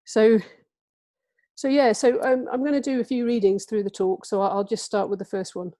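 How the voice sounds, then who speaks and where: A woman's voice: on the high side, fairly even intonation, normal speed, warm tone, no echo. A woman in her forties from England giving an illustrated book talk, speaking hesitantly with many fillers and restarts, and reading passages from her book.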